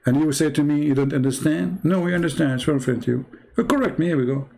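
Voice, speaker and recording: A man's voice: a little high, fast, gravelly, a little mellow. A man hosting a live-streamed religious debate, mocking and sarcastic, who laughs at his opponent and hammers his points through repetition. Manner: emphatic, repeats points. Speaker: livestream host debating a caller.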